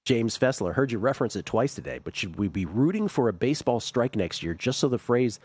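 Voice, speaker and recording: A man hosting a sports radio talk show, reading listener messages aloud and adding quick remarks. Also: medium pitch, big pitch swings, a little mellow, husky, no echo, studio quality. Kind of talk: casual talk show banter.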